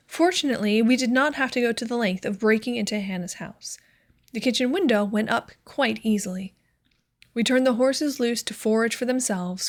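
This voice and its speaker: A woman narrating a classic short story as an audiobook reader, in a measured, clear storytelling manner. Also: on the high side. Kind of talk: scripted narration.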